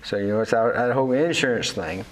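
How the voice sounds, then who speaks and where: Speaking fast with a medium-pitched voice and lively intonation, this older former Navy man and fishing captain recounts his life frankly for an interviewer. He rambles, full of fillers and restarts, and performs the voices of the people he describes.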